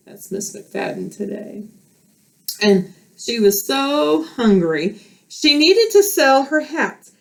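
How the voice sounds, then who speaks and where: Slow, animated teacher at home. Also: female voice, a little high, gravelly. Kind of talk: storytelling role play for children. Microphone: camera.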